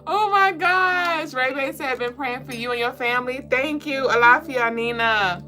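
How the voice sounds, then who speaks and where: A woman hosting a casual spiritual reading livestream, excitable and profane, greeting viewers and reading their comments aloud. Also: on the high side, normal speed, over music.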